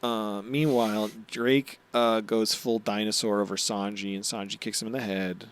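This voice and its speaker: A podcast co-host with a lowish voice recaps anime episodes on a casual show. He's excitable and swears, acting out character lines in quick voices.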